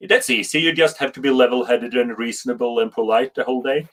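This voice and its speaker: A man hosts a live show, reading out viewer comments. He jokes his way through, with a lot of halting restarts. His voice sits at an ordinary middle pitch. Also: a bit bright. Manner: joking, halting, with frequent restarts.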